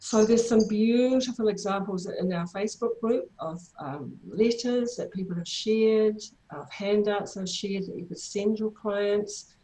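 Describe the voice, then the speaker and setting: A woman with a New Zealand accent, a therapy trainer, calmly guiding listeners through a workshop over a video call. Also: mid-range voice, measured pace, hardly any pauses, low-quality recording. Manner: calm, guiding, soothing. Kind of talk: online workshop presentation.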